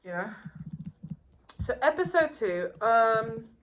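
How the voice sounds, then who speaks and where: A woman casually reviewing TV episodes, rambling and excitable with many fillers and restarts. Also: fairly high pitch, takes it slowly, a little hiss or hum, rough recording. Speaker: YouTuber reviewing TV shows.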